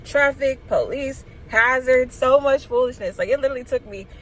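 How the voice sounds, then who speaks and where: Young woman rambling nervous to the camera in her car, bit high voice, faint traffic outside. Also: normal speed, poor audio. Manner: nervous, giggly, chatty, talking to viewers as girls. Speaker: vlogger. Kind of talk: casual vlog chat. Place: parked car.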